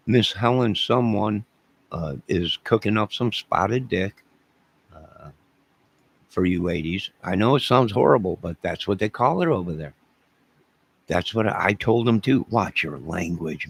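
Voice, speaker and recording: A man's voice: low voice, expressive, moderate pace, vocal fry, slightly rough. A man from the American South hosting a casual live stream, rambling jokily and talking to his chat viewers by name.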